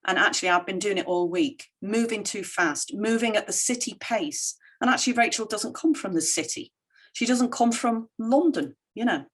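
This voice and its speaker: A middle-aged woman speaking at a conference keynote, her voice sitting at an ordinary middle pitch. She tells her stories with animation and brings other people's words to life as she quotes them. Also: normal speed.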